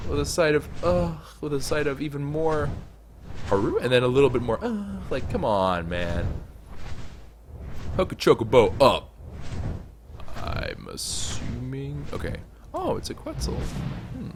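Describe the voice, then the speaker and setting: A young man casually commenting on his gameplay, joking and complaining, sometimes pleading loudly. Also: fairly high pitch, a little slow, a little hiss or hum. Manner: animated, joking, swings to loud pleading. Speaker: gaming YouTuber.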